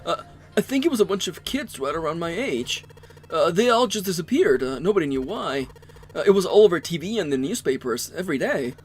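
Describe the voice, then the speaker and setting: A man's voice: fairly high pitch, very animated, fairly quick, slight background noise, voice pushed up. A man voicing a jumpy, impatient young man who stammers out pushy questions, reading a visual novel aloud. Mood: pressing.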